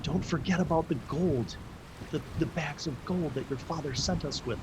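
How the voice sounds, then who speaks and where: A woman's voice: mid-range voice, big pitch swings, slow pace, background noise, pitched above the performer's own voice. A man voicing a worried mother who urgently whispers to her son. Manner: urgent, hushed.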